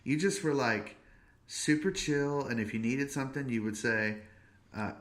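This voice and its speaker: A man in his thirties hosting a podcast, chatting casually in a playful, joking way and stretching out his stories. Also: mid-range voice. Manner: playful and joking, drawn-out storytelling. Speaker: podcast host. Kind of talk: casual chat.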